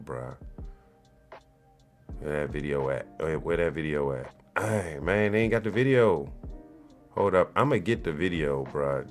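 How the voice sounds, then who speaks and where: Profane, slangy man riffing on sports. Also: low-pitched. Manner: loose, profane street slang. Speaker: show host. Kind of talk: casual commentary.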